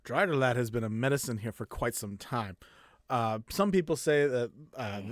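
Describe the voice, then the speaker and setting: A man's voice: medium pitch, expressive, moderate pace, dry recording, studio quality, lightly acted. A man voicing a scornful male city bartender who talks with disdain in an odd put-on accent. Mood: disdainful.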